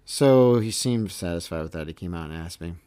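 A man's voice: sits low, lively intonation, a little fast, warm tone, clear, resonant tone. A middle-aged man, a veteran umpire hosting his own show, telling stories in a casual, emphatic way and often adding "okay?" to make his point. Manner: emphatic, keeps checking in with "okay?" and "all right?". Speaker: veteran baseball umpire, podcast host. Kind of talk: casual storytelling monologue.

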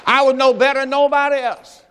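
A man preaches with a very high, bright voice that carries a long reverb through the church. He urges the congregation on with call-and-response and builds into shouting. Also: little pitch movement, fairly quick. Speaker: pastor. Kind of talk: sermon. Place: church sanctuary.

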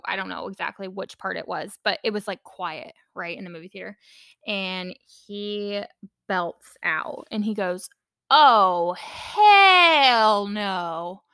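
A young woman hosts a casual personal podcast, her voice bright and edged with vocal fry. She talks candidly and chattily, leaning on fillers and the odd swear word. The sound is close and dry, with no room around it. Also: medium pitch, dry recording. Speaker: podcast host.

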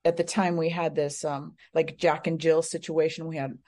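A middle-aged psychic medium appears as a guest on an interview show and tells a personal story casually. Her voice is low-pitched and mellow, with little pitch movement and a normal pace. She uses lots of fillers and wanders into rambling asides.

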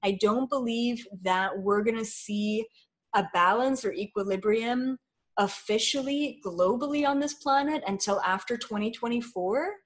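A woman's voice: fairly high pitch, a little slow. A woman guest in an interview, talking in an earnest, flowing way with many fillers. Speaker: spiritual guest. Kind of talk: spiritual interview talk.

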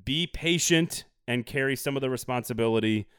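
A man hosting a casual sports podcast, getting animated and worked up, tossing in jokey plugs. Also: mid-range voice, a little fast, clean tone, dry recording, clean studio sound. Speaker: podcast host.

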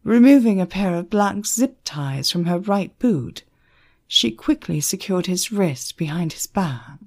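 Slow, husky woman narrating an audiobook. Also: lowish voice. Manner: slow, expressive storytelling.

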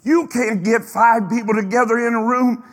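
A man's voice: very high-pitched, fairly even intonation, moderate pace. A man preaching a sermon to his congregation, emphatic, stretching out phrases and firing questions at his listeners. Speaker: pastor. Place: church sanctuary. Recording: reverberant hall.

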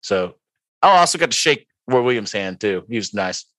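A man's voice: lowish voice, moderate pace, no echo. A young man co-hosting a casual sports podcast, telling a long self-mocking story with lots of fillers. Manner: rambling, self-mocking, animated when quoting. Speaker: podcast co-host.

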